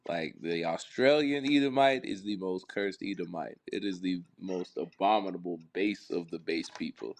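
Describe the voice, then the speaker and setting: A man's voice: moderate pace, few pauses. Blunt mocking man, casual chat. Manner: blunt, mocking, jumps into high put-on voices. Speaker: co-host.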